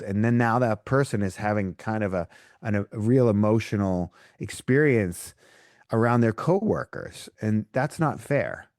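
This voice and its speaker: Animated male breathwork coach. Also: fairly low pitch, dry recording, clean studio sound. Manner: animated storyteller acting out quotes. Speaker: breathwork coach, podcast guest. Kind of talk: conversational storytelling interview.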